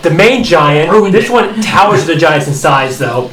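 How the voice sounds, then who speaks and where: A man runs a tabletop fantasy game as its game master, and his voice swings up and down as he narrates. He sits back from the mic in a roomy space, with soft music under him. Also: a little high, a little slow, distant mic. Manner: lively, laughing narration.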